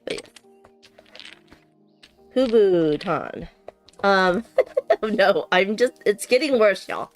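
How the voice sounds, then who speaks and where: A woman's voice: medium pitch, lively intonation, takes it slowly, pauses often, faint music behind. A woman chatting casually and giggling as she unboxes a board game on a stream, thinking aloud as she goes.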